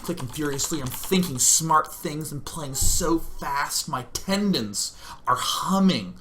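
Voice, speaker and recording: Excitable bright-voiced man telling a story. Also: a little high, slow, a little hiss or hum. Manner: excitable, self-mocking, loud acted outbursts. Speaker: gaming streamer host. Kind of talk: animated comic storytelling. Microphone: streaming setup facing a webcam.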